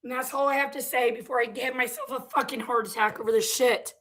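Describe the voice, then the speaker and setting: A woman's voice: fairly high pitch, fairly even intonation, fast talker, fairly bright tone. A woman vlogger reading viewer comments aloud and reacting with heated, profane, confrontational ranting.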